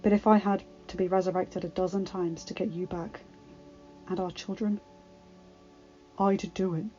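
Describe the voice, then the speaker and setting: A woman voicing a gentle, devoted young emperor. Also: moderate pace, dull audio, faint music behind, natural voice. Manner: soft, low-key, steady.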